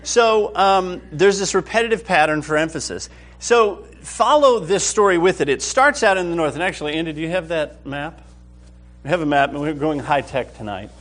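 A man's voice: a little high, animated, normal speed, a bit bright. A man teaching a Bible study class with enthusiasm, often checking whether the group is following. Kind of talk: lively Bible class lecture.

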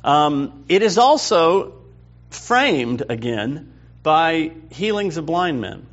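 Animated man teaching a Bible class. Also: a little high, takes it slowly. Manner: conversational, animated, asks the class questions. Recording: dull lo-fi recording.

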